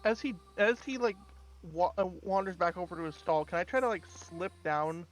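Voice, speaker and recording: Tabletop player, man, high voice, casual rambling, light music behind. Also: moderate pace, rough recording. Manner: chatty, hesitant, lots of fillers.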